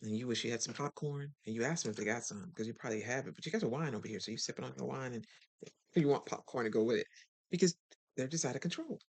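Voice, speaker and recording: A host giving a casual motivational talk, chatty and direct with listeners, and animated when acting out other people. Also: mid-range voice, fast talker.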